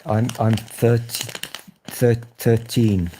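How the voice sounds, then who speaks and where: A man's voice: medium pitch, steady tone, takes it slowly, dark tone, slight background noise. A man in his thirties with a Northern English accent, chatting casually, swearing freely and teasing himself and others. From Northern England. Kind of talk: casual chat.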